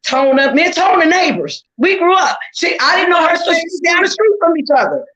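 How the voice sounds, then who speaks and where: A woman's voice: extremely high pitch, expressive, a little fast, fairly bright tone, rough recording. A woman giving an emphatic, earnest testimony on a panel, repeating phrases for weight. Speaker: panel guest sharing survivor story.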